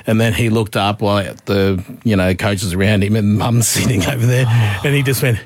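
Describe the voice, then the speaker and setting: A man's voice: fairly low pitch, fairly even intonation, a little fast, dry recording. A man co-hosting afternoon radio, cracking teasing jokes in casual banter. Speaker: radio co-host. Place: radio studio. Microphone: studio mic.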